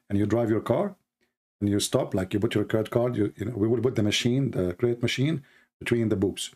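A man hosting a live stream in a sarcastic, mocking tone. His pitch is in the middle range for a man. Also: darkish tone, breathy edge.

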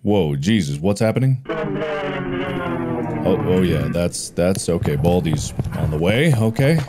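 A man hosting a gaming video, giving excitable running commentary and reacting aloud while he plays a horror game. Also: deep voice, a little slow, loud music behind the voice. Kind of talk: let's play commentary.

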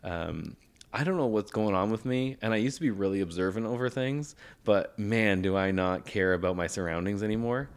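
A man's voice: lowish voice, moderate pace, clear, resonant tone. A young man co-hosting a podcast in casual chat, who laughs often and acts out quoted voices. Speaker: podcast co-host.

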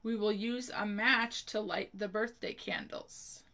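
The speaker is a woman with a steady, mid-range voice that sounds creaky, bright, and forceful. She walks children slowly through a spelling lesson, spelling every word carefully letter by letter and giving an example sentence.

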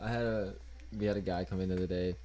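A man's voice: low voice, fairly even intonation, quick pace, warm tone. A man co-hosting a podcast, telling a rambling work story in a laid-back, casual way. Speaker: podcast co-host. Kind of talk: casual chat.

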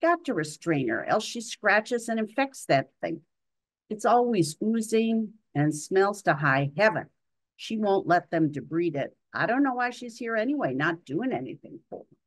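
A woman's voice: mid-range voice, big pitch swings, moderate pace, voice pushed up. A woman voicing a scornful, hard-bitten woman nurse who talks bluntly and with contempt.

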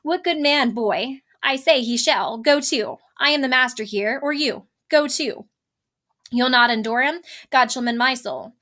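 A woman reading the part of an older male lord of the house aloud, pitching her voice noticeably higher and livelier. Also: measured pace, sharp tone. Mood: commanding.

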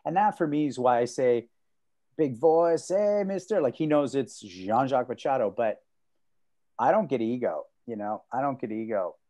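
A man co-hosting a casual martial arts podcast over a video call, telling stories and acting out quotes in sudden loud, high bursts. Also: fairly quick. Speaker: podcast co-host.

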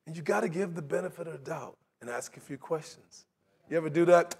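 A man preaching a sermon in a conversational, animated way, acting out quotes and laughing along with his points. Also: on the high side, a little fast, creaky, husky.

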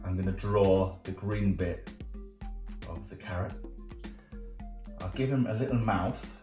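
A man's voice: low-pitched, unhurried. A man hosting a children's art club, explaining each drawing step in a chatty, playful, jokey way. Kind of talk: drawing tutorial for kids. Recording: roomy sound with faint music.

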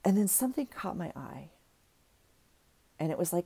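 In a dry recording, a middle-aged craft vlogger with a low, dark-toned voice talks fairly quickly. She gushes over her finds in a rambling, casual haul chat, frequently cutting herself off mid-sentence.

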